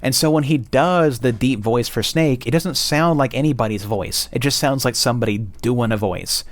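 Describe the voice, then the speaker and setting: A man's voice: mid-range voice, normal speed, no echo. Blunt rambling male game reviewer. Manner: blunt, profane, many fillers. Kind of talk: casual opinionated monologue.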